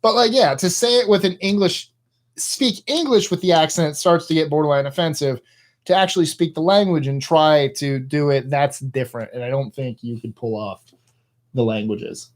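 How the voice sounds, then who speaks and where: A man's voice: a little high, normal speed. A man co-hosting a casual live stream, joking and teasing his partner in loose banter. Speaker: co-host.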